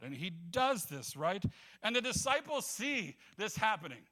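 A man's voice: on the high side, animated, normal speed, sharp tone. A man preaching a casual, conversational sermon, acting out the voices of biblical figures and laughing often.

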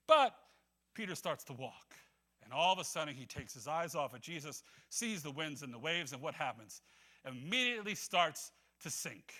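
Bright-voiced man preaching conversationally. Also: a little high. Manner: conversational, acts out scripture voices, laughs often. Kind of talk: sermon.

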